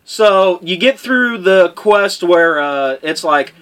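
A man telling a crude, exasperated gaming story in casual chat, bursting into shouts. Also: high-pitched, animated, slow pace, few pauses, clean tone. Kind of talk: casual profane gaming rant.

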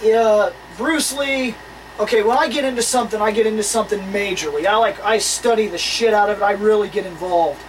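Animated storyteller far from the mic. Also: mid-range voice, brisk, a little hiss or hum. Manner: animated, swearing, laughs while telling stories. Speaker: podcast co-host. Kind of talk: casual chat, storytelling.

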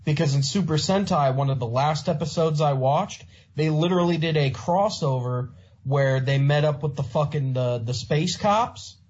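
A man with a slightly high, husky voice rattles through a story in casual podcast chat, swearing as he goes. The audio is dull and lo-fi. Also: darkish tone. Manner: fast, profane, recounting show plots.

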